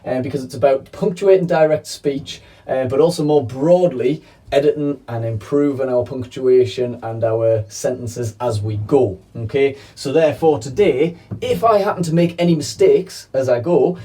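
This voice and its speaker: A man leads a children's lesson with a soft, mellow voice. He talks in a chatty, playful way and keeps checking in with his young viewers. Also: mid-range voice, normal speed, recorded from a distance. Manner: playful, chatty teaching with frequent "okay?" checks. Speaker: primary school teacher.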